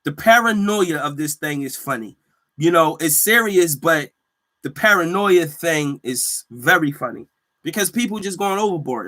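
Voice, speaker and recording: A man hosting a casual solo podcast, telling stories in animated slang and laughing often. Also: on the high side, normal speed. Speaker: podcast host; healthcare worker.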